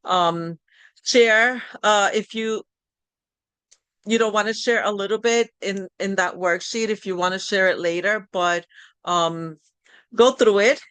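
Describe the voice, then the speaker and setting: A woman's voice: mid-range voice, a little slow, fairly bright tone, smooth, dry recording. Encouraging middle-aged woman coach. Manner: conversational and encouraging, with frequent restarts. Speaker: transition coach hosting a live session. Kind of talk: live online workshop talk.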